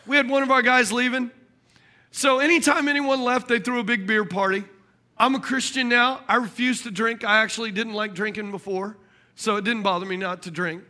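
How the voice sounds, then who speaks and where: A man preaching a sermon, telling a funny story and calling out to the congregation. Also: very high-pitched. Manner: animated, jokey, calls out to the congregation.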